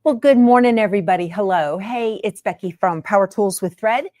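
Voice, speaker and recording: A woman's voice: mid-range voice, brisk, a little mellow, no echo, clean studio sound. A woman hosting her sewing channel in a chatty, homey way from her sewing room. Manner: chatty and homey, many fillers. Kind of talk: casual chat to camera.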